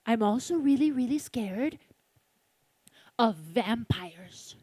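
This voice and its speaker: A woman's voice: on the high side, animated, slow pace, mellow, no room sound, clean studio sound. A woman voicing a frightened little girl who wakes at night and calls out shrilly and pleadingly for her mother. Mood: fearful, pleading.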